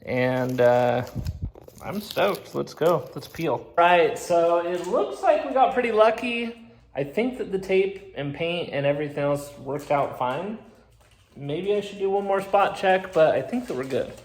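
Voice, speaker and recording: Excitable chatty man vlogging. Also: fairly high pitch, a little slow. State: out of breath. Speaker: car restoration vlogger. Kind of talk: casual vlog commentary.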